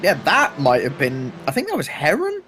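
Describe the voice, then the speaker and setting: Brief: male race co-commentator, raised pitch, laid-back, umming often, faint engine noise behind. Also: huge pitch swings, moderate pace. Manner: casual, filler-heavy, hesitant. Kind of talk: sim racing commentary.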